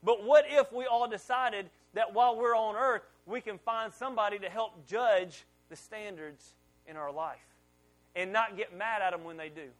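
A middle-aged pastor with a fairly high voice preaches to his church congregation. He talks like he is telling a story to friends, then gets loud and pushes hard on his key points. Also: moderate pace. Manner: conversational storytelling preacher, rising loud on emphasis. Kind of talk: sermon.

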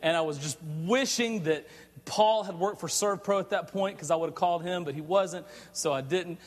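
A man with a high voice preaches through a long story, chatty and animated. He trips over his words and repeats them as he goes. His voice rings with the long reverb of a large hall. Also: moderate pace. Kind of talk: storytelling sermon.

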